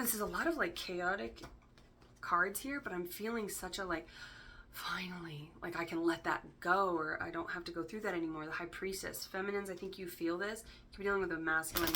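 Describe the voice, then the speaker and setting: A woman's voice: on the low side, fairly quick, noisy background. A woman giving a casual spoken tarot reading in a chatty way, full of fillers and loose swearing, often checking in with "right?". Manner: chatty, filler-heavy, casually profane, keeps asking "right?". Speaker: tarot reader.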